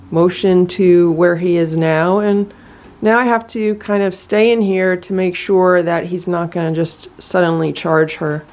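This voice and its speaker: A woman records her cats at home on a phone and narrates what she sees. Her voice sits low for a woman and carries a gravelly fry. She talks calmly and coos to the cats in a sing-song voice. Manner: calm running commentary, then sing-song baby talk to a cat. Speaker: cat vlogger. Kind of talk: casual home vlog narration. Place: home living room with cats.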